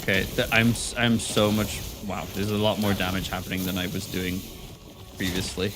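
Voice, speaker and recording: A man's voice: low-pitched, little pitch movement, normal speed, noisy background. A man streaming a game live, talking to himself in a rambling, playful way. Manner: rambling, playful self-talk. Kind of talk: live gameplay commentary. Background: game music.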